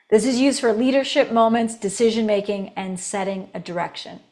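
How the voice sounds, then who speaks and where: A woman voice coach teaching a recorded course, animated, demonstrating tones and laughing between points. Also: fairly quick, hardly any pauses. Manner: animated, demonstrating each tone with shifts in pitch and volume.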